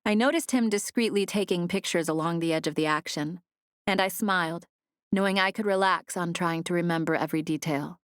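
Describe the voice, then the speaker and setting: A woman reading a novel aloud in first person, in a measured storytelling manner, on a close studio mic. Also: fairly low pitch, no echo. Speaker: audiobook narrator. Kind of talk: scripted first-person narration.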